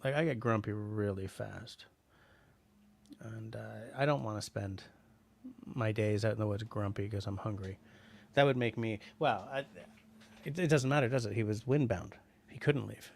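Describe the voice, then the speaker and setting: Gravelly middle-aged man rambling to a livestream. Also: lowish voice, normal speed, pauses often, darkish tone. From Canada. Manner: rambling, many restarts and fillers. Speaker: livestream host reading chat. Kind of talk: casual chat.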